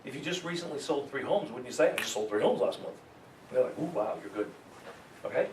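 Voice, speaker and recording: A man teaching a real estate sales seminar to a live audience, energetic and joking, often laughing at his own stories. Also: mid-range voice, fast talker, noisy background. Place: meeting room with a live audience. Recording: echoey room, mic far off.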